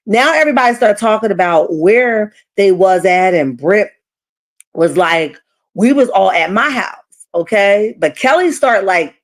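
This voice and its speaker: A woman's voice: mid-range voice, measured pace. A woman hosting a casual reality TV recap, retelling scenes dramatically and putting on the cast's voices. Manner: animated, dramatic retelling with acted quotes.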